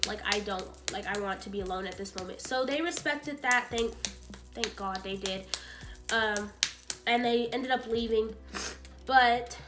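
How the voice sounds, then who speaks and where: A young woman vlogger telling a painful story through tears, rambling and filling her talk with "like". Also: a little high. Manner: rambling, heavy use of "like", acts out quoted talk. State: tearful, voice breaking. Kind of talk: emotional storytime vlog.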